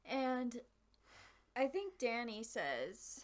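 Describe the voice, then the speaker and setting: Her voice sits a little high, and she speaks extremely slowly. She's a young woman co-hosting a laid-back podcast, full of giggles as she chats and animatedly recounts stories.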